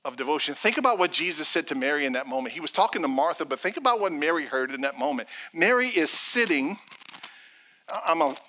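A middle-aged pastor with a fairly high voice preaches fast, weaving stories into his sermon. He animatedly acts out the people in them, quoting them in character.

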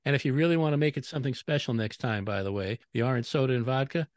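A man co-hosting a podcast, telling stories in a loud, emphatic, casual way. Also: medium pitch, fast, no echo. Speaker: podcast co-host. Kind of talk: casual chat and storytelling.

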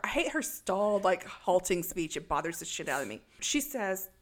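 A woman's voice: medium pitch, sing-song, normal speed, few pauses. A woman in casual chat, retelling film scenes with sarcasm and acting out the characters' lines. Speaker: podcast co-host recapping a film.

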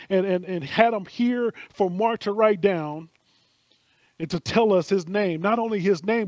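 A man delivers a sermon in an earnest, searching way, with a voice sitting a little higher than most men's. He often doubles words as he presses a point. The sound is dry and close, with no room around it. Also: no echo. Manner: earnest, repeats words when stressing a point, acts out bystanders' lines. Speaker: preacher.

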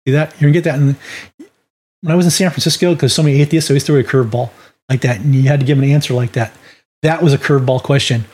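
A man's voice: mid-range voice, fast talker, darkish tone, husky. A man teaching a Bible lesson on sharing faith, talking in a folksy, conversational way with restarts. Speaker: ministry teacher.

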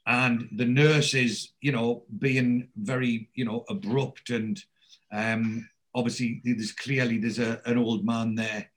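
A man's voice: medium pitch, level tone, slow pace, poor audio. A man casually retelling a TV episode, rambling with many ums and acting out the characters' lines.

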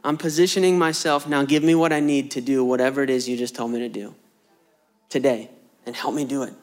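A man's voice: medium pitch, steady tone, brisk, darkish tone. Man preaching a casual sermon. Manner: conversational, rhetorical questions, occasional laughs. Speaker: pastor.

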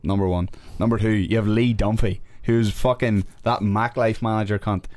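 A man's voice: fairly low pitch, fairly even intonation, normal speed, darkish tone. A man with a Northern Irish accent, a fighter guest on a podcast, ranting heatedly and swearing a lot. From Northern Ireland. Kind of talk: casual podcast chat.

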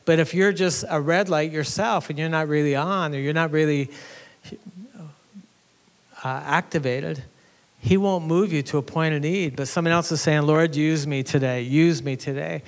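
Pastor teaching in an echoing hall. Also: male voice, a little high, fairly even intonation, moderate pace, pauses often. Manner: conversational, earnest, frequent restarts. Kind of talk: teaching sermon with storytelling. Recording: reverberant hall.

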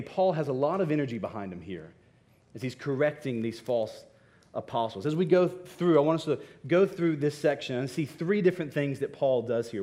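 A man's voice: mid-range voice, darkish tone. A man preaching, reading scripture aloud with emphasis and then explaining it to his congregation. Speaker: pastor. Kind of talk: sermon.

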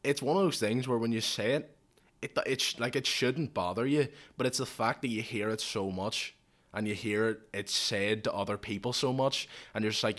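A man's voice: lowish voice, steady tone, moderate pace, fairly bright tone. A young man hosting a casual podcast chat, rambling with lots of "like" and swearing freely. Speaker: podcast host.

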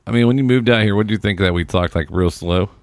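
Low-voiced indiana dude cohosting, teasing, laughs a lot, dry studio. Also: male voice, fast talker, no echo. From Indianapolis area, USA. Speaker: podcast co-host. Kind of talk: casual chat.

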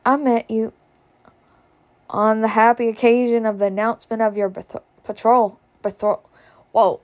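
A woman's voice: fairly high pitch, little pitch movement, moderate pace, darkish tone, lightly acted. A woman doing a sweet, gushing young lady.

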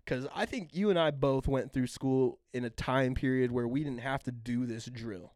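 A young man co-hosting a podcast, telling stories in a casual, profane, animated way. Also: medium pitch, normal speed, no room sound, studio quality. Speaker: podcast co-host. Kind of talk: casual chat.

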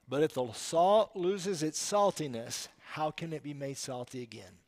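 A man preaching a sermon as pastor, emphatic, swinging from loud declarations to quiet asides. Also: mid-range voice, dry recording.

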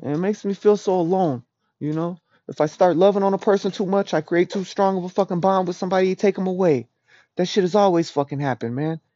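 A man giving a raw, rambling, profane confessional monologue as a podcast host, often dropping to a low murmur. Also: fast, warm tone, no room sound. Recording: dull dry lo-fi recording.

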